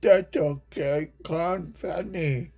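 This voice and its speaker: A man voicing a shrill, dim-witted caricature of an ordinary person in a mocking falsetto, drawn out and sing-song. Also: drawn-out words, creaky, dark tone, soft background music, heavily acted. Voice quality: squealing falsetto, whiny and mocking.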